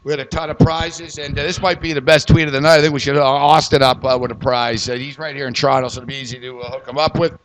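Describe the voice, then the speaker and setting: A man's voice: mid-range voice, level tone, fast, few pauses, fairly bright tone, a little hiss or hum. A man co-hosting a podcast, telling stories in casual, profane chat with frequent laughter. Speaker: podcast co-host. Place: Toronto.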